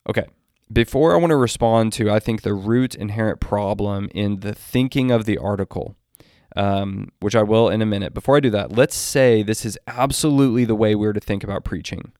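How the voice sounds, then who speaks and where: A Christian commentator with a lowish, darkish male voice talks through a theology article, deliberate as he reads long quotes and often restarts sentences while reasoning aloud. The studio sound is clean, with no echo.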